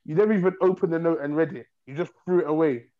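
A woman's voice: deep voice, fast, phone-quality sound, close to an everyday voice. A man quoting an angry scolding mum. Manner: threatening, scolding. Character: furious strict mother scolding her son.

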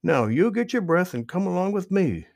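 A man's voice: high-pitched, sing-song, normal speed, creaky, a little mellow, voice pushed up, exaggerated voice. A man voicing a kind-hearted little male skunk in a storybook reading, grumbling and eager. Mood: reassuring.

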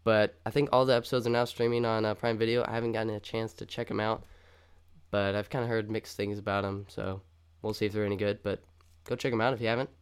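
A man's voice: lowish voice, flat delivery, fast, clear, resonant tone. A young man co-hosting a casual podcast, chatty and upbeat, rambling with lots of fillers. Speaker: podcast co-host.

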